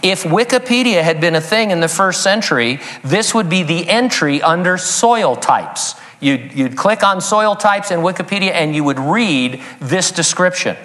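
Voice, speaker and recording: A man's voice: high-pitched, lively intonation, normal speed, hardly any pauses, fairly bright tone, big-room sound. A man preaching a sermon as pastor, breaking in with joking asides and chuckling at his own jokes. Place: church sanctuary.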